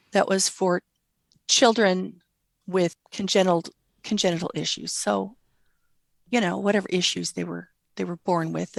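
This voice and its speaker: A middle-aged woman, a guest mother, telling gentle stories about her daughter in an interview. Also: medium pitch, creaky, no room sound. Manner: tender, animated quoting of her child. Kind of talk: storytelling interview.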